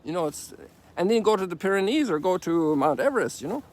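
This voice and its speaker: A man's voice: high voice, very animated, fast talker, a little mellow. An Irish priest in his sixties gives an informal, rambling spoken reflection outdoors, with folksy asides. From Ireland. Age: 60s. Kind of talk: informal reflective sermon while walking. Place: outdoors on a sunrise walk.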